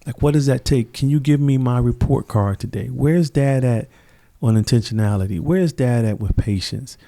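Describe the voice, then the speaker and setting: In a conversational podcast interview, a middle-aged guest recounts stories with earnest reflection, impersonating the people he quotes. He has a warm, mid-range voice and a moderate pace.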